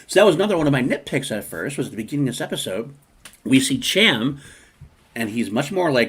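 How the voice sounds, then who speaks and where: Lively husky man hosting a podcast. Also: mid-range voice, fast. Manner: animated, rambling with restarts. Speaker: podcast host. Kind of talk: casual podcast chat.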